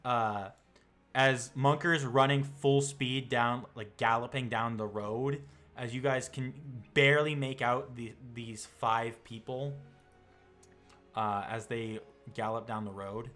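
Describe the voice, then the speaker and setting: Running a tabletop session as game master, this man narrates slowly and loosely, full of fillers and false starts. His mid-range voice is fairly bright with fairly even intonation, over soft background music.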